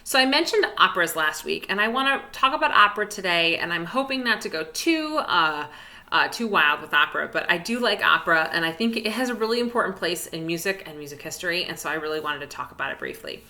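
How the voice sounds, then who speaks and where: Bright, encouraging woman music teacher. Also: on the low side, lively intonation, quick pace. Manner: chatty and encouraging, many fillers. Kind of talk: online music lesson. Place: indoors at a desk.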